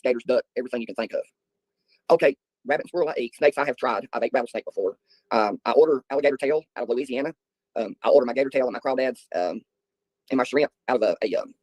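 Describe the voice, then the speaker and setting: A man's voice: medium pitch, darkish tone, no echo, rough recording. A middle-aged man, hosting a livestream and chatting with viewers in a rambling, folksy way. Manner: rambling, folksy storytelling with filler ums. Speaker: livestream host. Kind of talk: casual chat answering viewers.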